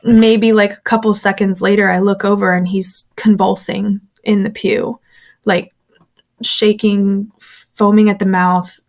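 A woman's voice: mid-range voice, little pitch movement, a little slow, darkish tone. A woman, a former church member, candidly recounting her experiences in a casual interview, with chatty fillers and quoted voices.

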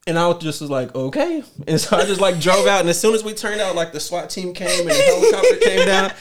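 A man's voice: high-pitched, fast, a crowd in the background. A young man telling profane, laughing stories in a casual chat. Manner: laughing, profane, animated storytelling.

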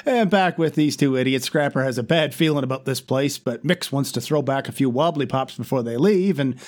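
A man recaps an animated episode in relaxed podcast talk, moving steadily through the plot. His humor is dry and sarcastic, tucked into plain narration. He sounds like an easygoing co-host. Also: medium pitch, a little fast. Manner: wry, deadpan plot narration with sarcastic asides. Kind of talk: casual episode recap chat.

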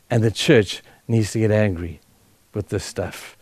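A man's voice: lowish voice, unhurried, darkish tone, breathy edge, dry recording. A middle-aged man preaching to a church, talking conversationally and building to fervent emphasis. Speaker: guest speaker at a church. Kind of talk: sermon.

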